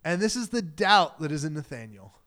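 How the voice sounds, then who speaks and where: Animated, conversational male preacher. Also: fairly high pitch, brisk. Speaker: pastor. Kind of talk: sermon.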